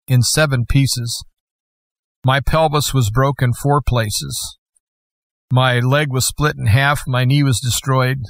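A man as guest host, slowly and earnestly telling a personal story. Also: mid-range voice, fairly bright tone, no room sound. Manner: earnest, slow and measured storytelling. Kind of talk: personal testimony.

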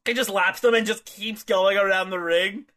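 A man with a high, bright voice talks loosely in a casual chat. He stumbles over restarts and slips into acted-out quotes between laughs. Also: steady tone, moderate pace. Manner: rambling, restarts, acts out quotes in a higher voice. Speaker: podcast co-host.

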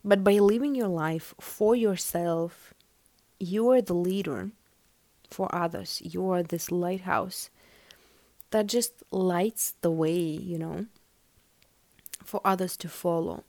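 Woman podcast host, non-native English speaker, lowish voice, unhurried tarot-reading monologue. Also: steady tone, gravelly, dark tone. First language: not English. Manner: earnest, musing, full of "like" and "you know". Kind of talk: casual spiritual podcast monologue.

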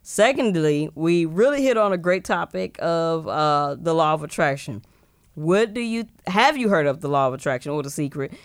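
A woman's voice: deep voice, animated, moderate pace, no room sound, clean studio sound. A woman co-hosting a podcast in casual chat, laughing easily and steering the talk with reflective questions. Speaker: podcast co-host.

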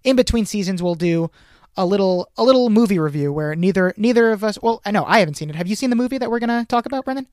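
A man's voice: high-pitched, expressive, fast, a little mellow, no echo, studio quality. A man with a Long Island accent co-hosting a casual podcast, rambling and often correcting himself mid-sentence. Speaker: podcast co-host.

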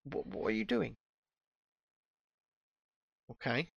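A man's voice: on the high side, big pitch swings, slow, vocal fry, a bit bright, slightly rough, no echo, studio quality. A man hosting a casual podcast, rambling and joking with swearing. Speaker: podcast host. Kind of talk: casual chat.

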